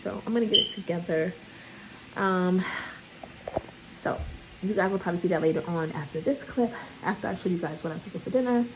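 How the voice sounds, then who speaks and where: A woman's voice: on the low side, brisk, long pauses, noisy background. A mother vlogging in a casual, rambling way from her home kitchen while cooking, chatting to viewers as y'all. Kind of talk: casual vlog chat.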